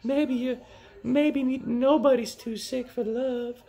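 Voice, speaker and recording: A sweetly manipulative mother with a honeyed, coaxing tone, as a man puts her on in a high falsetto. The pitch sits far above his own, soft and wheedling. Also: fairly even intonation, slow, heavily acted.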